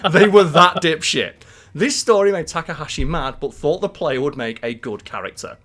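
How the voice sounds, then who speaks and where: Animated man chatting. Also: a little high, moderate pace. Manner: animated, laughing, acts out quotes. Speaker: podcast co-host. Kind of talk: casual chat.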